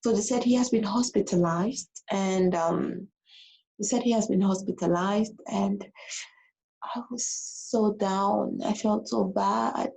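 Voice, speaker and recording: A woman's voice: mid-range voice, steady tone, takes it slowly, vocal fry, darkish tone, poor audio. A woman living abroad tells a personal story to her followers in a casual, emotional vlog, repeating herself and getting tearful. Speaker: vlogger.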